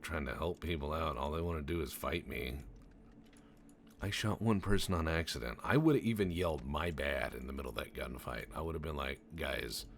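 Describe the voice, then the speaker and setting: Very deep gravelly-voiced joking man. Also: normal speed, slight background noise. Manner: joking, profane, rambling storyteller. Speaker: gameplay commentator. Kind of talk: casual let's-play commentary.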